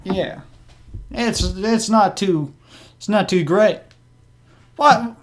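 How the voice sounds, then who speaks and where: A man putting on a squeaky laid-back goblin. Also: very slow, slight background noise. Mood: chill. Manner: casual, breezy slang. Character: laid-back young male goblin guitarist.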